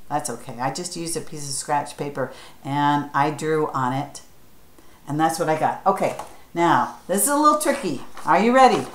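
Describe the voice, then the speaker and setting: There's reverberation and a little hiss or hum around this woman's lowish voice. Leading a church craft tutorial for children, she stays patient and encouraging, spells words letter by letter, and asks viewers to keep up with her.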